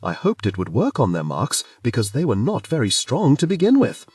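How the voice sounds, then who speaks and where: A man reads a fantasy novel aloud with a breathy, husky tone and sweeping, animated swings of pitch. His narration is expressive and storytelling-driven. The recording is dry and sits a little back from the mic. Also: moderate pace, dry recording, distant mic. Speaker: audiobook narrator.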